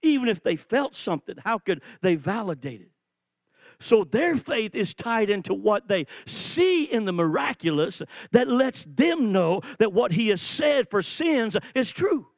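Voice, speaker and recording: High-voiced animated male preacher. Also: unhurried, dry recording. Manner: animated storytelling, acts out quotes, rises to shouts. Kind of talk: sermon.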